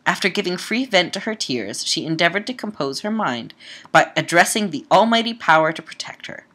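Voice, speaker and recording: A woman's voice: fairly low pitch, lively intonation, brisk, fairly bright tone. A woman reading an old Gothic novel aloud with drama, breaking off now and then for wry, casual comments. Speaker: audiobook reader and podcast host.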